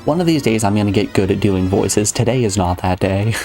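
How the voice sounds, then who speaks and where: A man's voice: lowish voice, a little fast, gravelly, mellow, faint music behind. A man streaming a game live, chatting casually and rambling to his viewers. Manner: rambling, chatty, addresses chat. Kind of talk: casual live gameplay chat.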